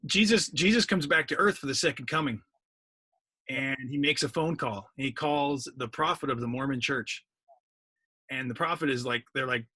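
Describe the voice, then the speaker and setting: Husky, bright-voiced joking man. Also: medium pitch, moderate pace. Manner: wry, joking storyteller. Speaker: podcast co-host. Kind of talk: casual chat, telling a joke.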